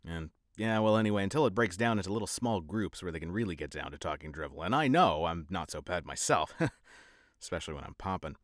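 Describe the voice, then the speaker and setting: A man's voice: sits low, lively intonation, fairly quick, no room sound, clean studio sound. A man narrating a novel in first person, with a sardonic, rambling, wry delivery. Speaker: audiobook narrator.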